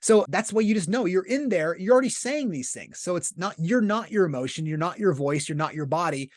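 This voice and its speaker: A man's voice: sits high, expressive, fairly quick, no room sound, clean studio sound. A man being interviewed as a podcast guest, explaining his ideas in an earnest, conversational way and often checking in with "right?". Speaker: podcast guest, business leader.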